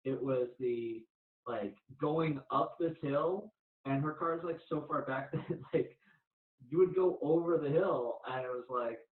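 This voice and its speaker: Young guy hosting, relaxed and chatty, in an echoey room with narrow phone-like audio. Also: on the high side, a little slow, distant mic. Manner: easygoing, laughing storyteller. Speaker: podcast host. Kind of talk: casual chat.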